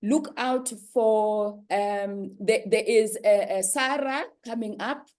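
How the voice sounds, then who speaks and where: A woman speaking for an industry association at a panel forum, halting often and repeating words. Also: mid-range voice, a little mellow.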